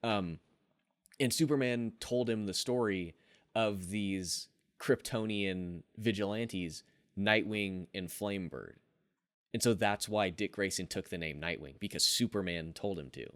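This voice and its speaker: A man's voice: lowish voice, unhurried, fairly bright tone. A man hosting a casual podcast chat, rambling through his ideas with lots of "like" and restarts. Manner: rambling, many fillers and restarts. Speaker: podcast host.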